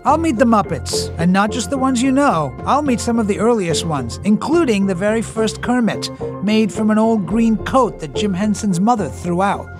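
A man hosting a podcast, reading scripted narration and interviewing a guest in a measured, emphatic way. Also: sits high, lively intonation, music in the background. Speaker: podcast host.

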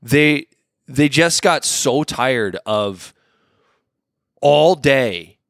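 A man in his thirties talking casually on a podcast, voice at an ordinary middle pitch. He rambles through restarts and fillers, swears freely and laughs now and then. The sound is close and dry. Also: lively intonation, extremely slow, a bit bright, dry recording. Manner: profane, laughs often. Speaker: podcast co-host. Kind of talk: casual chat.

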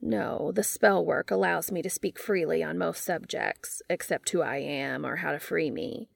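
Woman voicing a corny, eager skeleton guy, deep dudeish tone, gravelly edge, dry close sound. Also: no room sound, exaggerated voice. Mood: explaining. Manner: eager pickup lines, slower delivery. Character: flirty male talking skeleton, corny and eager.

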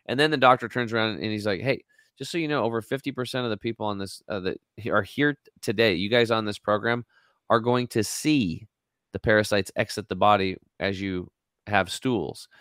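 A man's voice: lowish voice, a little fast, clear, resonant tone, no echo, studio quality. A man in his forties, a guest in an interview, telling a story with lots of energy and acting out what people said. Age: 40s. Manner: energetic, acts out quotes.

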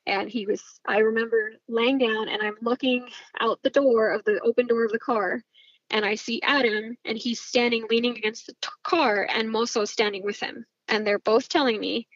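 A woman's voice: fairly high pitch, fairly even intonation, moderate pace, no echo, lo-fi sound. A woman telling a personal story in casual speech, intense and swearing freely. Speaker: storyteller recounting a personal family event.

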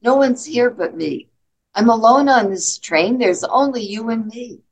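A woman's voice: a little high, lively intonation, unhurried, low-quality recording. A woman voicing a sad little girl left alone on a train, reading from a poem, pleading and tearful. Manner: tearful, pleading, then delighted.

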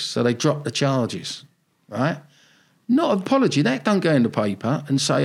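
A man's voice: on the high side, wildly swooping pitch, moderate pace, gravelly, breathy edge. An older man with a South London accent, telling his story bluntly and animatedly in a podcast interview. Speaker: football manager guest.

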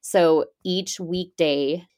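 Upbeat low-voiced woman guest. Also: fairly even intonation, drawn-out words, darkish tone, dry recording, studio quality. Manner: upbeat, explains step by step. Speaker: podcast guest, preparedness expert. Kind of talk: casual podcast conversation.

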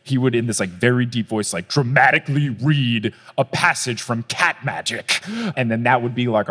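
Brief: young male podcast host, chatty and loose, recorded live in a reverberant venue. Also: mid-range voice. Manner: casual, chatty storytelling with frequent "like". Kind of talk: live podcast chat on stage. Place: live stage show before an audience.

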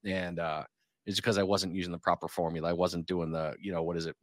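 Low-voiced, dry-sounding male podcast host. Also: fast talker, dry recording. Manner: animated storyteller, acts out quotes. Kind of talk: casual fishing podcast chat.

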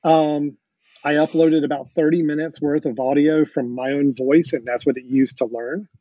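A man's voice: on the high side, fairly even intonation, moderate pace, warm tone, no room sound. A man hosting a podcast, explaining things with enthusiasm and the odd chuckle, on dull lo-fi audio. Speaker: podcast host. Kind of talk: casual podcast chat.

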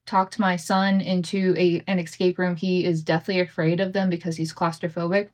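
A woman's voice: on the low side, level tone, normal speed. Candid, foul-mouthed woman podcaster. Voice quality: candid, swears freely, laughs often. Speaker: podcast host. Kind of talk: casual solo podcast storytelling. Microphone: home podcast setup with imperfect audio.

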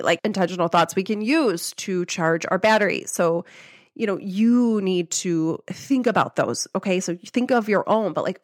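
A woman's voice: medium pitch, no echo, clean studio sound. A young woman host giving a casual motivational talk, upbeat and chatty, with lots of "like" and easy laughs. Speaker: podcast host and life coach.

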